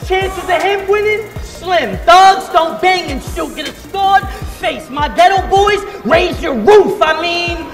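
A man performing a battle rap, aggressive and taunting, shouting his punchlines. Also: very high voice, animated, takes it slowly, few pauses, over music. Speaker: battle rapper.

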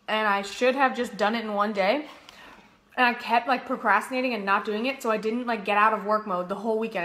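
A woman's voice: fairly high pitch, fairly bright tone. A young woman livestreaming from her kitchen, chatting casually, reading comments and breaking into song. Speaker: livestream host, singer. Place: home kitchen.

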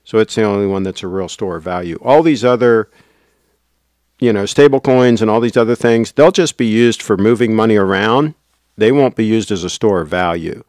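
A man's voice: fairly low pitch, normal speed, darkish tone, no room sound, clean studio sound. A man hosting a casual livestream, rambling and reading out viewer comments. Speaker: livestream host.

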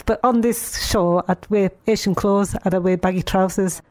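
Woman radio presenter and comic, easygoing and anecdotal, mid pitch. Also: steady tone, normal speed, noisy background. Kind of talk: casual radio storytelling.

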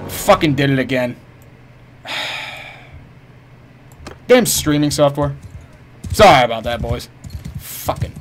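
A man's voice: medium pitch, animated, slow, pauses often, faint music behind. A man live-streaming a game, swearing, joking with viewers and hurling mock-heroic taunts at enemies. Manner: profane, jokey, chats with viewers. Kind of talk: casual live-stream commentary.

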